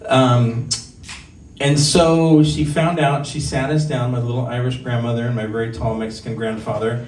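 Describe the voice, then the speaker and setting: A Southern California man in his forties does stand-up at a bar open mic, telling candid, conversational stories that poke fun at himself. His medium-pitched voice is level, a little mellow, and moves at a normal speed. The recording sounds echoey, with a distant mic, faint ambience, and a little hiss or hum.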